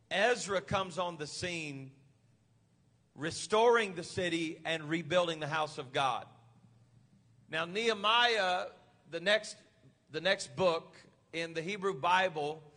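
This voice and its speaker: High bright-voiced preacher guy, gets loud and fired up. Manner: builds from quiet teaching to shouted preaching. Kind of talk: sermon.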